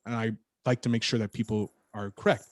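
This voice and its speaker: A man on a podcast as a guest, telling a story in an animated, casual way and swearing freely. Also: lowish voice, a little fast, dry recording, studio quality.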